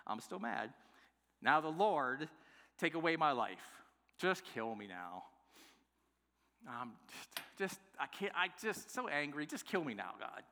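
A preacher acting out a sulking angry prophet. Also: male voice, fairly high pitch, big pitch swings, unhurried, long pauses, bright, forceful tone, full character voice. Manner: complaining, exasperated, muttering at times. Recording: long echoing hall reverb.

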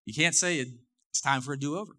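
A middle-aged man with a very bright, somewhat high voice, preaching to his congregation. He talks in a relaxed, conversational way, repeats his phrases, and pushes his voice up when he stresses a point. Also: normal speed. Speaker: pastor. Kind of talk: sermon. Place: church.

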